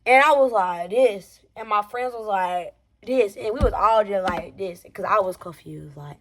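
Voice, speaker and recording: Young woman vlogger, casual slangy storytime, animated, loud-then-hushed delivery. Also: mid-range voice, a little slow. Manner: animated, slangy, swinging between loud exclamations and hushed asides. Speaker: vlogger telling a personal story. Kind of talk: storytime vlog.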